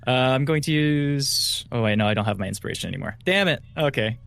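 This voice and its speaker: Joking player with a gravelly voice. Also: male voice, mid-range voice, animated, fast, a bit bright, soft background music. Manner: joking, self-mocking. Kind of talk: casual tabletop play.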